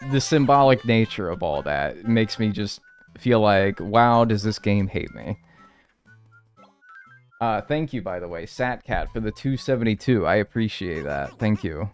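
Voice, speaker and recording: A man's voice: fairly low pitch, expressive, measured pace, soft background music. A man casually chatting with viewers during a live game stream, rambling and wry as he thanks people by name. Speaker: gaming livestreamer. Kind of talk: casual live-stream chat while playing.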